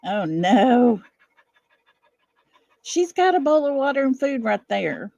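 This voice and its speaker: A woman's voice: a little high, big pitch swings, takes it slowly, gravelly, a little mellow, dry recording. A middle-aged woman hosting a casual livestream from her home, chatting with viewers, laughing often and fussing over her dog. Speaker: livestream host. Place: at home, indoors.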